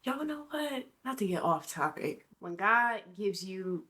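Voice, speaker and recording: A woman co-hosting a podcast in casual, colloquial chat, affirming and lively. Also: mid-range voice, a little slow. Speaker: podcast co-host.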